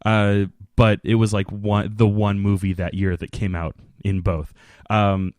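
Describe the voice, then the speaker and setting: A young man explains things in a relaxed podcast chat, halting often with fillers and restarts. His voice is somewhat low. The sound is dry and close to the mic. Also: no room sound. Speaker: podcast co-host. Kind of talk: casual chat.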